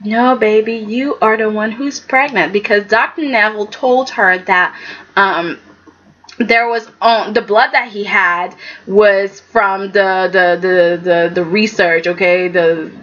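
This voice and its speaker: A woman's voice: medium pitch, slow, dull audio. A woman chatting casually and sassily through a recap, acting out the characters' lines as she goes. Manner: animated, sassy, acts out characters' lines. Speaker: soap opera recap vlogger.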